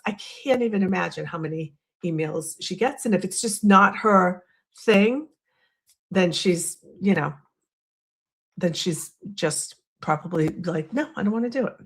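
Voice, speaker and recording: A woman with a Boston accent hosts a casual livestream, chatting and rambling while poking fun at herself. Her voice sits on the low side, expressive and a little slow, with a fairly bright, slightly rough tone.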